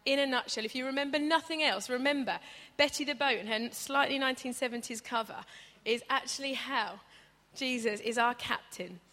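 Bright woman preaching in a reverberant hall. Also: sits high, brisk. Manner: chatty and humorous, acts out stories with voices. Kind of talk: conversational sermon. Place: church hall.

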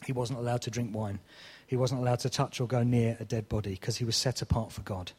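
A man's voice: mid-range voice, fairly even intonation, fairly quick, a little mellow, breathy edge, big-room sound. A man preaching a sermon, telling a story with mock exasperation.

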